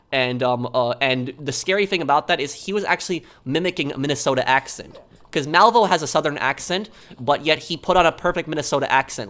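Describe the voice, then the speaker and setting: A man's voice: medium pitch, fairly bright tone. A young man chatting casually on a live stream, answering viewers and rambling with lots of ums, uhs and repeated words.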